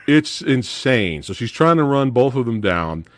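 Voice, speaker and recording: A man hosting a casual film review chat, excitable and swearing freely, laughing often as he retells scenes. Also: medium pitch, a little slow, no echo. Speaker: podcast host reviewing films.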